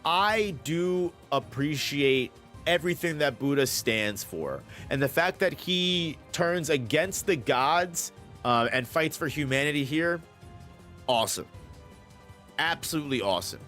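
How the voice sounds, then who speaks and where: A man's voice: on the high side, animated, measured pace, bright, forceful tone, faint music behind. A man giving casual, rambling commentary as a manga review YouTuber, swearing often and restarting his sentences. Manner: rambling, profane, enthusiastic with restarts.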